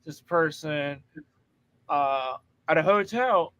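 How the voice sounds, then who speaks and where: An American man hosting a casual chat, animated and laughing often as he acts out quotes. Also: a little high, slow, smooth, poor audio. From United States.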